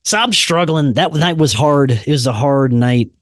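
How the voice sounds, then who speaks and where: A man's voice: fairly high pitch, moderate pace, no room sound, studio quality. A man from Louisiana, hosting a podcast and telling a story in a laid-back, casual way, often saying "man" and "dude". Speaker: podcast host.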